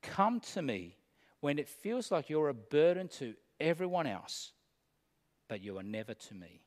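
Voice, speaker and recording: A man preaching a sermon, earnest and deliberate, pausing between phrases. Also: a little high, big pitch swings, darkish tone, big-room sound.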